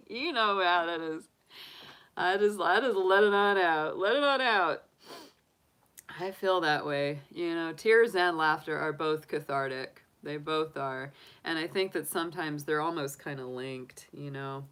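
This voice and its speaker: Bright, smooth-voiced woman. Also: medium pitch, a little slow. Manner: talkative, emotional, laughs often, chats with viewers by name. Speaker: tarot reader hosting a live stream. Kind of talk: casual live-stream chat.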